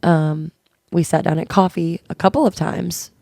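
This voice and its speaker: A woman's voice: on the low side, steady tone, normal speed, creaky, warm tone, no room sound, clean studio sound. A woman co-hosting a podcast, talking candidly and earnestly in casual chat, telling stories and quoting conversations. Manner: earnest, open storytelling with quoted dialogue. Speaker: podcast co-host.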